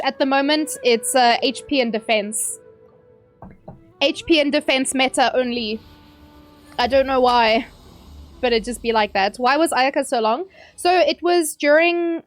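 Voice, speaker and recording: A young woman streaming a game, chatting casually and ranting, with sudden yelps at the action. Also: sits high. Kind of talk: casual live-stream chat while gaming.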